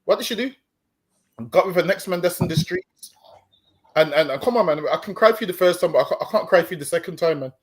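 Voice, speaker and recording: A man with a high voice lectures his listeners on a stream. He talks in a preachy way, stumbles over repeated words and keeps coming back to "listen, man.". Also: expressive, fast. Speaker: street preacher co-host. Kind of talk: stream discussion.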